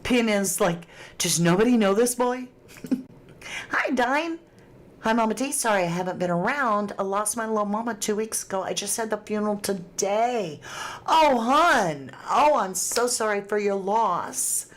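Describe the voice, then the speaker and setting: A woman's voice: mid-range voice, animated, unhurried. A woman hosting a casual livestream, chatting and reading viewer comments aloud with frequent laughs. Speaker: true crime livestream host.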